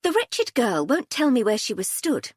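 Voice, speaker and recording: A woman's voice: a little high, very animated, normal speed, breathy edge, dry recording, studio quality, voice pushed up. A woman narrator voicing a brusque, scornful young woman who snorts and sneers at others.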